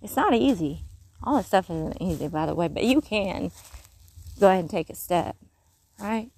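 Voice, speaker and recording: A woman giving casual spiritual encouragement while walking outdoors in the countryside, earnest and rambling, with soft whispered asides. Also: mid-range voice, animated, moderate pace, low-quality recording. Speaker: faith vlogger.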